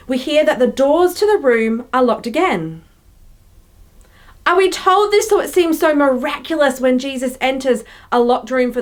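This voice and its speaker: A young woman, a youth pastor, giving a conversational, reflective sermon with playful voiced asides. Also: high-pitched.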